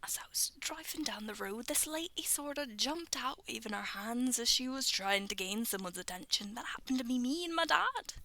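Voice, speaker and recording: Young woman, casual storyteller, highish voice, dry close sound, chatty and self-interrupting. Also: bright, forceful tone, no room sound. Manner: chatty, stumbles over text and laughs at herself. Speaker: video creator reading stories. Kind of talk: casual read-aloud with asides.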